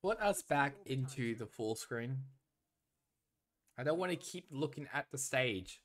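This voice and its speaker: A man at a middle pitch reacting live to a match he is watching. He talks casually and bursts into loud, exasperated rants. He swears when he gets frustrated. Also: lively intonation, measured pace. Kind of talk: live watch-along commentary.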